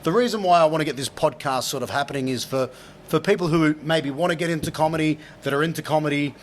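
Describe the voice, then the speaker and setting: Australian man, podcast host, casual joking, slightly higher voice, faint background noise. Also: quick pace. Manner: loose, swearing, joking interviewer.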